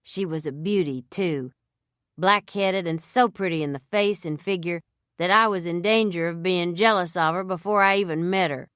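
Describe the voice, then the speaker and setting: A woman narrating a novel in the first person with a measured, even storytelling manner. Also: lowish voice, smooth, no echo, clean studio sound. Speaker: audiobook narrator.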